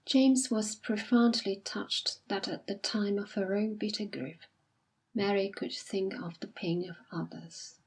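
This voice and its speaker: Woman audiobook narrator, soft measured delivery, breathy timbre. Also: medium pitch, fairly even intonation. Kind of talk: scripted narration.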